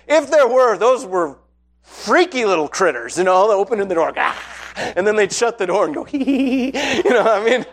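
High-voiced man preaching conversationally. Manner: conversational, storytelling with rising excitement. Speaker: pastor. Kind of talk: sermon. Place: church hall with congregation.

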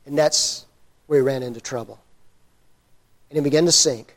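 A man preaching a sermon, telling the story with animated humor and posing rhetorical questions, then dropping to quiet earnestness. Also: mid-range voice, normal speed. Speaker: pastor.

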